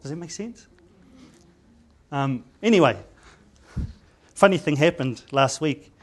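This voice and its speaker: Chatty New Zealand doctor telling stories. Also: male voice, fairly high pitch, animated, slow pace. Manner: chatty storyteller with many restarts and stammers; mixes in Māori words. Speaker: general practitioner giving a seminar talk. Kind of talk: informal conference presentation.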